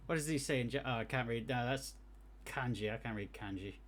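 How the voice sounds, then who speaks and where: A man's voice: mid-range voice, brisk, few pauses. A man streaming live gameplay, thinking aloud in a chatty way and adding technical asides about game effects.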